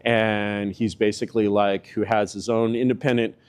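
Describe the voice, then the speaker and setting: A man talks politics casually, rambling and relying on fillers, with pitch that climbs and drops for emphasis. His delivery is flat overall, at a moderate pace with a clean tone.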